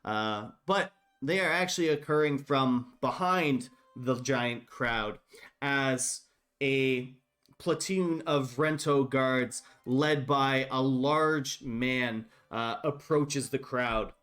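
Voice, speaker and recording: A man's voice: mid-range voice, slow, a bit bright. Man narrating a tabletop game. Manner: rambling with many fillers. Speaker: dungeon master.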